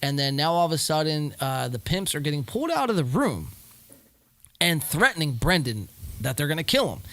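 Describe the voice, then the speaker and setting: A man's voice: fairly high pitch, sing-song, brisk, bright, forceful tone, no room sound. A man hosting a podcast, casually breaking down video clips and calling out lies with lots of ums and rights. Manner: skeptical, calls out lies with filler-heavy talk. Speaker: podcast host reviewing clips. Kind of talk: casual commentary.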